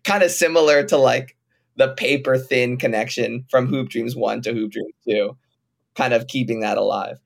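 A man, a comedian and film director, talking quickly and casually in an interview, full of likes and fillers. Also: mid-range voice, gravelly. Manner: talks fast with many fillers, laid-back.

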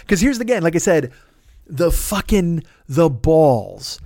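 A man's voice: on the high side, unhurried, no room sound, clean studio sound. A man hosting a podcast, delivering a profane, mocking comedic rant full of swearing and exaggerated impressions of other people. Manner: animated, mocking, lots of swearing and put-on voices. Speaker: podcast host.

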